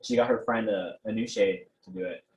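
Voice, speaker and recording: A man's voice: lowish voice, steady tone, moderate pace, rough recording. A young man being interviewed, casually recounting events with frequent fillers and restarts. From Mexican heritage. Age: teens. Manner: hesitant, many restarts and fillers, laughs often. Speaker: interviewee, protest organizer.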